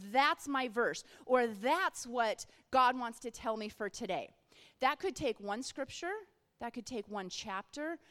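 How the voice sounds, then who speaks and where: Middle-aged woman, high voice, earnest faith speaker with lively storytelling, recorded with long hall reverb. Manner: earnest, storytelling, acts out quoted thoughts. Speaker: Christian speaker. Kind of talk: faith-based encouragement talk.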